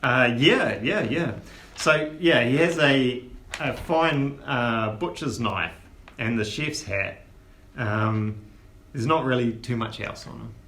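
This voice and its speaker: A male dungeon master narrates slowly and descriptively, with many fillers along the way. He keeps a steady, middling pitch. The recording carries a noticeable room echo and some faint noise. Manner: unhurried and descriptive, with frequent fillers. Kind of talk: tabletop game narration.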